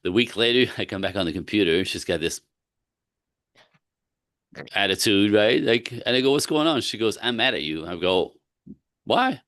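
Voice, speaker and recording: A man's voice: on the low side, moderate pace, pauses often, no room sound, clean studio sound. A man, a relationship coach, chatting casually on a podcast and telling stories animatedly, acting out both sides of conversations. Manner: animated storytelling, acts out both sides of dialogue.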